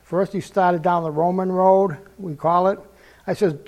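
A man's voice: high-pitched, fairly even intonation, normal speed, a little mellow. An older man giving a sermon testimony, telling his story earnestly and acting out the dialogue he quotes.

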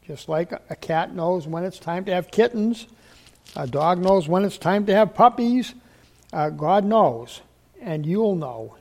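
A man with a high, gravelly voice preaches a folksy sermon. His tone is mellow and unhurried, and he tells homespun stories, repeating key lines and slowing down to hammer them home. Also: animated. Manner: homespun, repetitive, slows for emphasis.

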